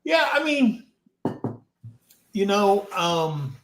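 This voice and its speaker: An American man hosting a casual live-stream chat, telling long stories in a rambling, unhurried way. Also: high voice, big pitch swings, fairly bright tone, roomy sound. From United States. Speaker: host.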